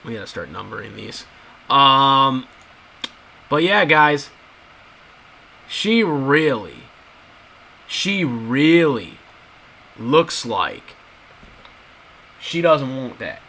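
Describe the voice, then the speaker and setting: A YouTube commentator with a gravelly, sharp, medium-pitched voice speaks very slowly with long pauses, yet stays very animated. Casually addressing viewers as "guys," he repeats his points emphatically on a rough recording.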